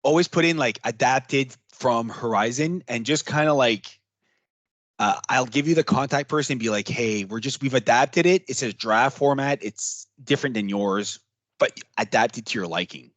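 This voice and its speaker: A man's voice: mid-range voice, moderate pace, no room sound. Male trainer, casual and chatty, dry close recording. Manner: animated, chatty, acts out client quotes. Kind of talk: casual workshop talk.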